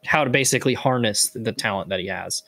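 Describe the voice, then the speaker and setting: A man's voice: fairly low pitch, fast, bright, forceful tone. A young man co-hosting a racing podcast, joking and laughing often. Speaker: podcast co-host. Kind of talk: casual chat.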